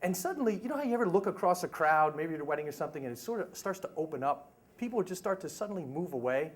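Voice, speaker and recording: A middle-aged man spins a humorous tale for a live story slam. His voice sits a little high and swoops around animatedly, full of chatty asides. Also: animated, quick pace.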